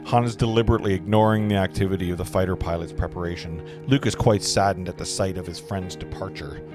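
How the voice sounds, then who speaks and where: A man's voice: deep voice, fairly even intonation, fast talker, over music. A man hosting a table read, reading stage directions casually with stumbles and asides. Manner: casual, stumbling and joking between lines. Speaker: host and narrator.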